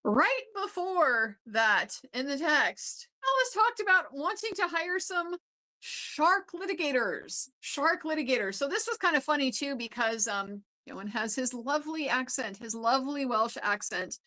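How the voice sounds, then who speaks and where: A chatty American woman talks through a day in court in a loose, casual recap full of ums and quick laughs. Her voice sits a touch high and rings bright and forceful. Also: very animated, poor audio. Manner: chatty, laughs often, many fillers. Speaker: legal commentator. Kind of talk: casual trial recap commentary.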